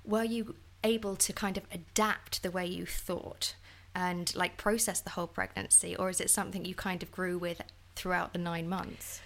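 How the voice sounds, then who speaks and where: Woman, podcast host, conversational, bright voice. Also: fairly low pitch, level tone, moderate pace, gravelly. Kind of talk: conversational interview.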